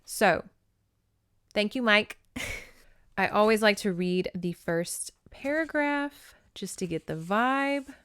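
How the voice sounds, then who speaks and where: A woman's voice: medium pitch, slow, a bit bright, clear, resonant tone, no echo, studio quality. A young woman hosting a casual podcast where she recaps an old novel, chatty and giggly, swearing freely. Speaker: podcast host.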